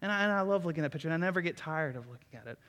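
A man's voice: a little high, animated, racing, fairly bright tone, long reverb tail. A young man preaching a sermon in an earnest, conversational way. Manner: earnest and conversational, with many restarts. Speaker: pastor. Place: church sanctuary.

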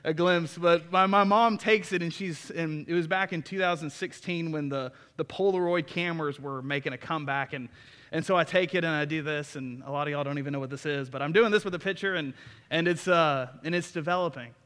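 A man's voice: on the high side, brisk, a bit bright, smooth, long reverb tail. A young man preaching a sermon in an earnest, conversational way. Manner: earnest and conversational, with many restarts. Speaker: pastor. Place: church sanctuary.

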